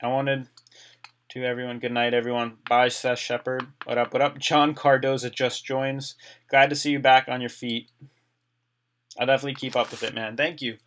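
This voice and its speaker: A man's voice: medium pitch, flat delivery, moderate pace, fairly bright tone. A man hosting a casual live stream, reading viewer comments aloud and answering them in a chatty way, his voice getting dry from talking so long.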